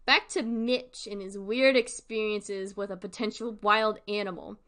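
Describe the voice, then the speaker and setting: Young woman, high bright voice, unhurried, reading creepy stories aloud, swearing, laughing often. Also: fairly even intonation. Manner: swears a lot and breaks into laughter. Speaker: creepypasta reader and reactor.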